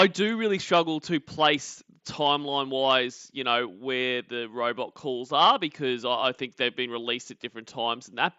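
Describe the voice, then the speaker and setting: A man's voice: fairly high pitch, sharp tone, smooth, dry recording. A man hosting a casual livestream, greeting viewers by name in a chatty, joking way. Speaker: livestream host. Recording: dull lo-fi sound.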